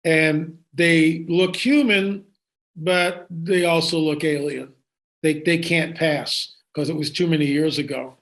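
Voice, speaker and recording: A man, the guest in an interview, telling a story with excitement and frequent restarts and asides. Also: on the high side, slow pace.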